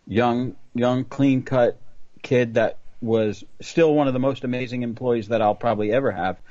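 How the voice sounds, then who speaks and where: A man hosts a podcast in a relaxed, rambling storytelling way and circles back with "long story short." His voice is dry and close, with a dull, slightly lo-fi sound. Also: medium pitch, moderate pace, no room sound. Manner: rambling anecdote-teller, keeps saying long story short. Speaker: podcast host. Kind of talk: casual storytelling chat.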